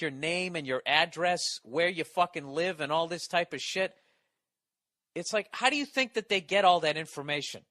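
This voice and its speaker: A man's voice: sits high, a bit bright, dry recording. A man delivering a profane, exasperated comedy rant as a podcast host, often stammering through restarts. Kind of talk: ranting comedy monologue.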